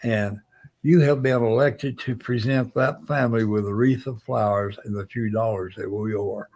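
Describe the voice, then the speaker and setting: An older Navy veteran, appearing as an interview guest, tells a long personal anecdote at normal speed in a voice on the low side. He's a lively storyteller who acts out what other people said.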